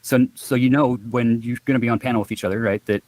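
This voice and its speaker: A man on a live stream panel calmly trying to mediate with questions. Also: mid-range voice, quick pace, dry recording, low-quality recording. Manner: calm, mediating, asks questions. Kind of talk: casual live stream chat.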